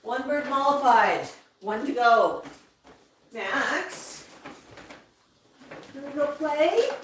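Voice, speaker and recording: High, lively woman coaxing her parrots. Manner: soothing baby-talk to her parrots. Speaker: parrot keeper and livestream host. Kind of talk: casual livestream chat. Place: indoor room with parrots. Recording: echoey room, heard from a distance. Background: faint noise and birds.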